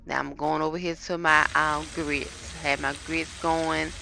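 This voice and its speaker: A woman's voice: deep voice, flat delivery, measured pace, creaky, bright, forceful tone, soft background music. A woman chatting casually to her viewers while cooking in her home kitchen, filmed on a phone. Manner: chatty, talks straight to viewers. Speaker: cooking vlogger. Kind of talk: casual cooking vlog chat. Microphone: phone camera.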